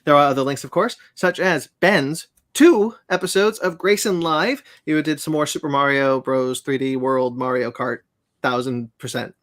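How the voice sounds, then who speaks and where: A man's voice: medium pitch, moderate pace, a bit bright. A man hosting a casual podcast chat, enthusiastic and giggly as he runs through the segments. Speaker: podcast host.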